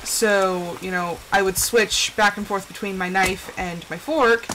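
A rough recording with a little hiss or hum captures a Southwestern US streamer in casual gameplay chat. Her medium-pitched, slightly bright voice keeps a fairly even intonation and a measured pace while she rambles, talks to herself, and uses many fillers.

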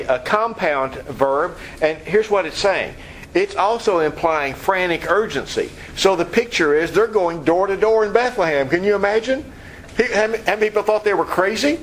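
A man teaching a Bible study, explaining scripture and acting out scenes with animated voices. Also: on the high side, a little hiss or hum, poor audio.

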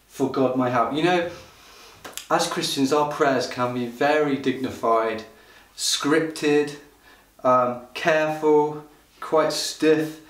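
Male pastor preaching slow and fired up, echoey hall, mic kinda far away. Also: a little high. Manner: impassioned, builds to loud pleading cries. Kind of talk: livestreamed sermon. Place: church hall. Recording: roomy hall sound from a distant mic.

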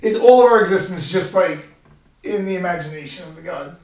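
A middle-aged man with a high voice hosts a podcast in a studio, talking in a profane, rambling, animated way. His voice sounds roomy and set back from the mic. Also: brisk, distant mic. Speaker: podcast host and fighter. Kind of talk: casual studio chat.

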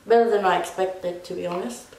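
A woman's voice: fairly low pitch, steady tone, a little fast, a little mellow, a little hiss or hum. A young woman casually telling a personal story as a vlogger, rambling with lots of "like". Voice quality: rambling, full of "like". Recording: echoey room.

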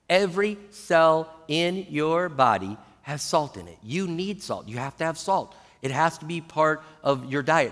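A middle-aged man preaching a sermon as pastor, animated and acting out the people he quotes in shifting voices. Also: on the high side. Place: large church auditorium. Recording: long hall reverb.

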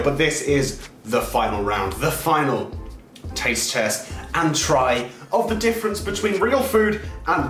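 Animated young man, echoey room. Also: fairly high pitch. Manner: animated, exclaiming, chatty. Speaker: YouTuber host. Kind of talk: casual food taste-test vlog. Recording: echoey room with light music.

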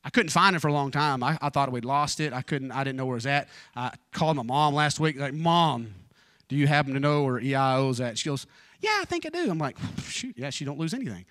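A man in his forties preaching an evening church sermon, telling personal stories informally with joking asides, and dropping low and fervent in prayer. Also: quick pace, few pauses, a bit bright, no echo, studio quality. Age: 40s.

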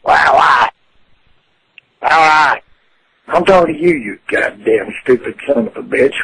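A man's voice: fairly high pitch, expressive, unhurried, gravelly, bright, forceful tone, slight background noise. A furious man on a phone call who taunts and curses the caller in a profane rant. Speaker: prank call target. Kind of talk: angry phone argument.

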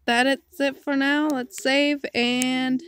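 A woman's voice: high voice, little pitch movement, takes it slowly, a bit bright, clean tone. A young woman reading a visual novel aloud, narrating and voicing the heroine with earnest emotion. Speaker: game player reading aloud.

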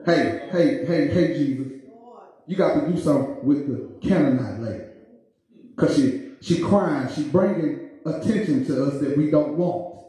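A man's voice: a little high, lively intonation, normal speed, mellow. A man preaching a sermon as minister, with rhythmic repetition that rises into hollers. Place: church sanctuary. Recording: very echoey church sanctuary.

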